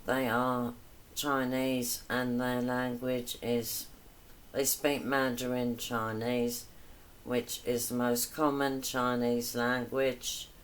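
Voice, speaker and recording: A woman's voice: rumbling low, level tone, slow. A woman cooking vlogger chatting casually while she cooks, wandering between topics with self-deprecating asides.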